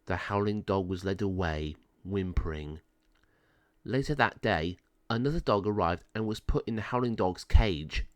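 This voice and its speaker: A man narrating a children's storybook aloud with expressive delivery. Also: low voice, moderate pace, no room sound. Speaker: storybook reader.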